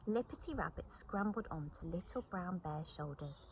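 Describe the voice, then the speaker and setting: A woman reading a children's story aloud, expressive and animated, often dropping to a whisper. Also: lowish voice, normal speed, few pauses, slight background noise, low-quality recording.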